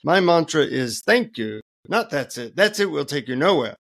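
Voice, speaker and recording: A man voicing a solemn male Indian guru with an Indian accent, speaking slowly and serenely. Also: on the high side, very animated, creaky, fairly bright tone, exaggerated voice. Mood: serene, stern.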